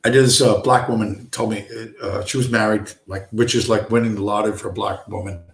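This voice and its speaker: A man's voice: on the low side, fairly even intonation, brisk, vocal fry. A man hosting a livestream, delivering a blunt, profane, emphatic ranting monologue from a home room. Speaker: livestream host. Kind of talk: ranting monologue on a chill stream. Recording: roomy echo.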